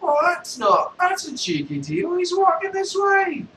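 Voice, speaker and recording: A man doing a high nagging street beggar. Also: huge pitch swings, unhurried, sharp tone, echoey room, distant mic, a little hiss or hum, exaggerated voice, rough recording. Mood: pushy. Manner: nagging and demanding. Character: pushy male street beggar asking for change.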